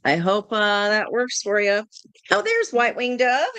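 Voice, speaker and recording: A woman's voice: mid-range voice, sing-song, measured pace, a bit bright, no room sound. A woman doing a live tarot reading, thinking aloud in a chatty way, laughing often and swearing casually. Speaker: tarot reader.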